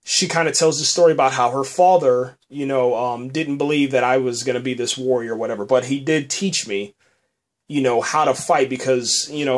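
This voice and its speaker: A man hosting a podcast, recapping a TV episode in a loose, rambling way, full of fillers and repeated words. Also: medium pitch. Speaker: podcast host reviewing a TV episode. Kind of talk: casual spoken review.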